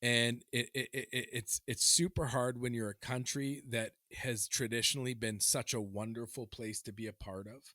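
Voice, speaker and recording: A man co-hosts a casual podcast, venting with heat and frequent swearing. His voice is bright and forceful, recorded dry and close to the mic with no room around it. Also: mid-range voice, normal speed, few pauses, no room sound. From Canada. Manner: heated, swearing, animated ranting. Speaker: podcast co-host. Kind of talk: casual chat.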